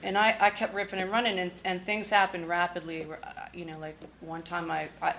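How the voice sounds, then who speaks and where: Blunt, bright-voiced woman telling her story. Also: lowish voice, flat delivery, brisk. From Washington, D.C. area. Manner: candid and blunt, with wry humor and swearing. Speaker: speaker sharing a recovery story. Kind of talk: personal testimony.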